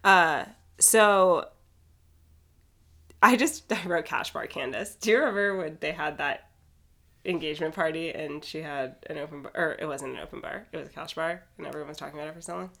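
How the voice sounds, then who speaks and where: A woman with a bright, forceful voice, chatting casually on a podcast. She sounds blunt and sarcastic and swears freely, and her voice sits a little low. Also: brisk, vocal fry. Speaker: podcast co-host. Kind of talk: casual recap chat.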